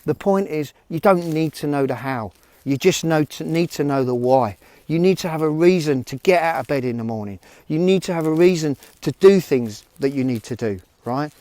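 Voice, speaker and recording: A man's voice: a little high, animated, moderate pace, warm tone, dry recording. A man talking earnestly and bluntly to a handheld phone camera, giving a motivational vlog with frequent restarts and swearing. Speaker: vlogger.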